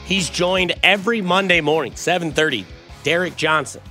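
A man's voice: fairly high pitch, normal speed, pushed and bright, faint music behind. A young man hosting a sports radio show, chatting and telling rambling stories in a casual way. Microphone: studio microphone.

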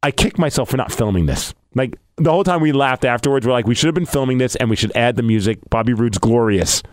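A man co-hosting a casual podcast, telling a story with excitable, animated energy. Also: medium pitch, fast talker, no room sound, clean studio sound. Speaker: podcast co-host. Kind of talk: casual chat.

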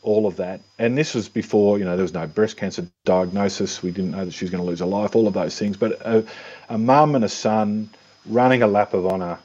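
Subdued low man, dull lo-fi sound. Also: steady tone, a little fast, darkish tone. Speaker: interviewee. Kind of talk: reflective interview.

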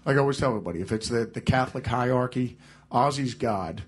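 A man's voice: medium pitch, fast talker, breathy edge. A man being interviewed as a guitarist, telling rambling anecdotes and laughing through them. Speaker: guitarist guest. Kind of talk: casual storytelling interview.

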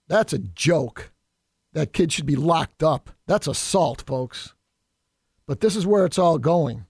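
A man's voice: on the high side, lively intonation, takes it slowly, creaky, a little mellow, slightly rough, dry recording, studio quality. A man delivering an indignant political opinion monologue as a radio commentator, emphatic and addressing listeners as folks.

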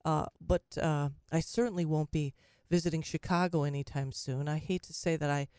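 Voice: mid-range voice, steady tone, moderate pace, a little mellow, clear, resonant tone, no room sound, studio quality. A talk radio host delivering an opinionated monologue, sarcastic and often stumbling and restarting mid-sentence.

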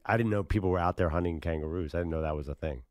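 A man co-hosting a sports talk radio show, joking and animated. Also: deep voice, very fast, dry recording, clean studio sound.

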